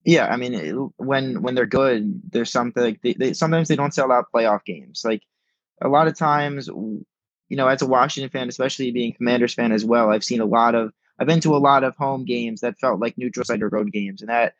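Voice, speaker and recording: Heard through a remote call mic with dull, lo-fi audio and no echo, this young adult guest talks sports briskly in a mid-range voice, stressing his points and repeating words as he works through his thoughts.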